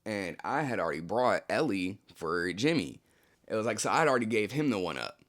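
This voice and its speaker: A man's voice: on the low side, sing-song, brisk, a bit bright. A young adult man hosting his channel, telling a personal story in a casual, slangy way, with lots of "like" and "you know". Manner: laid-back, slangy, full of "like, you know" fillers.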